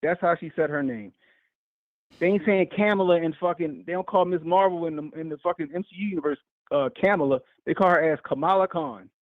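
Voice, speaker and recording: Fast male caller, heated profane rant, tinny phone line, dry sound. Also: on the high side, no echo. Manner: profane, animated, fast-talking.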